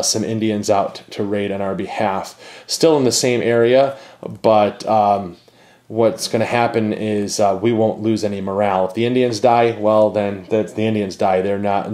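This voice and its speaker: A man's voice: fairly low pitch, a little mellow. A man hosting a board game channel, thinking aloud with many fillers and reading cards as he plays a solo game.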